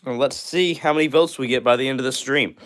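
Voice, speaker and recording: A man's voice: medium pitch, fast talker, fairly bright tone. A young man hosting a live stream, reading out viewer comments and answering them in a friendly, upbeat way with lots of "all right" and "bro".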